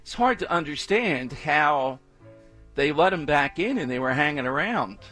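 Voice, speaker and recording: A man's voice: fairly high pitch, expressive, moderate pace, sharp tone, soft background music. A man hosting a talk radio show, delivering an emphatic, opinionated monologue full of repetition. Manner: emphatic, repetitive, mocking chants with exaggerated inflection.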